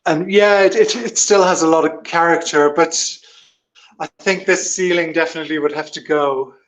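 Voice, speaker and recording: A man's voice: a little high, moderate pace. A man on a video call giving a casual, hesitant tour of an old house he is standing in. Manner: relaxed, hesitant, with frequent ums. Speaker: guest on a live video link.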